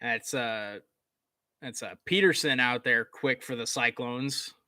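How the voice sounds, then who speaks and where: A young man giving casual live play-by-play commentary from home, excitable and chatty. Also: medium pitch, normal speed, dry recording. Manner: excitable, chatty, laughs and hums between plays.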